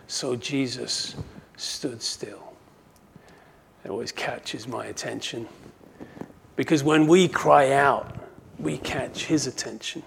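A man preaching a sermon, who acts out the quoted cries and moves from hushed asides to loud, impassioned calls. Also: medium pitch, creaky, a little hiss or hum. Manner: swings from hushed to shouting when quoting cries; dramatizes quoted voices.

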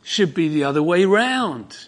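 A man preaching an expository sermon, fervent and emphatic, dropping to hushed tones and rising to ringing emphasis. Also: high-pitched, big pitch swings, a little slow.

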